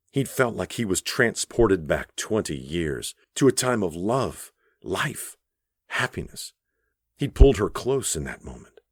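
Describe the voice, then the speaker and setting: A man narrating an audiobook in a measured, even storytelling voice on a close studio mic. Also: sits low, dry recording. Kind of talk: scripted narration.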